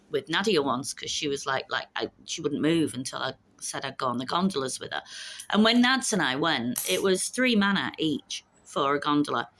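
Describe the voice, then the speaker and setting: A woman in her fifties with a notably low voice talks casually to camera. She is chatty and blunt and swears freely as she recounts her week. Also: a bit bright. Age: 50s. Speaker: vlogger. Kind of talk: casual chat.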